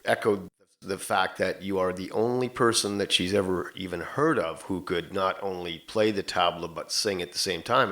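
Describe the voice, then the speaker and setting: A man hosting a podcast interview, asking measured questions and summing up his guest's answers. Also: fairly low pitch, bright, forceful tone.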